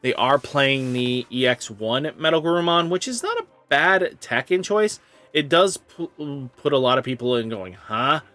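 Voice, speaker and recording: A man's voice: mid-range voice, animated, moderate pace, pushed and bright. Chatty man breaking down card decks. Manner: enthusiastic, rambling with fillers like "you know" and "kinda". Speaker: card game YouTuber. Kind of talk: casual deck-list commentary.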